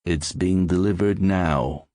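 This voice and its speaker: A man doing a gruff, slow doorman. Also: low voice, no room sound, clean studio sound. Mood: curt. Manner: slow and flatly dismissive. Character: curt, gruff male club doorman.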